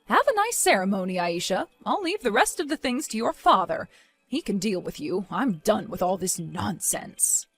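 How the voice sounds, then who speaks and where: A woman's voice: fairly high pitch, normal speed, faint music behind. A woman voicing a stern, disappointed mother. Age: 50s. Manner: calm, stern, reproachful.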